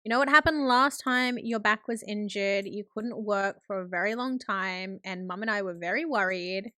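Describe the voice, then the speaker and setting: A woman's voice: medium pitch, moderate pace, bright, forceful tone, no room sound, natural voice. A woman voicing a young woman character who is worried about her dad, in a chatty, concerned tone.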